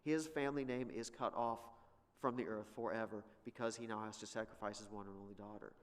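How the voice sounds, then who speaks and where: A man's voice: on the low side, fairly even intonation, a little fast. A man teaching an informal Bible lesson in a church, chatty and sarcastic, retelling scenes with rising emphasis. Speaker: Sunday school teacher. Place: church room. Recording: long hall reverb.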